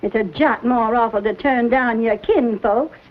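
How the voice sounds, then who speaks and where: A woman's voice: fairly high pitch, measured pace, a little hiss or hum, close to an everyday voice. A woman playing a stern scolding frontier mother. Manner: scolding, emphatic. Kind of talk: 1950s TV western drama. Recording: tinny, narrow-band old soundtrack.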